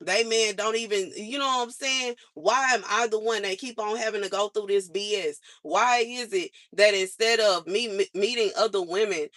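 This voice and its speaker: A young woman vents to her livestream audience, frustrated and emphatic, and she keeps circling back to the same complaints. Her voice is bright and tense. The sound is dry and close, with no room echo. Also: mid-range voice, moderate pace, hardly any pauses. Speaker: livestream host. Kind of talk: venting on a livestream.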